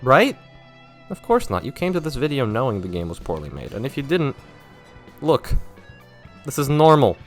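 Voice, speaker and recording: A man's voice: mid-range voice, big pitch swings, normal speed, long pauses, soft background music. A young man narrating a scripted video essay about a game, sarcastic and self-mocking, with wry asides.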